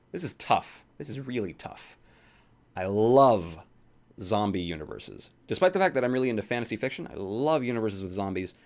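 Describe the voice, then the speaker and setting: A young man casually answering viewer questions in a rambling, offhand way, swearing here and there. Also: on the low side. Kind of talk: casual Q&A vlog.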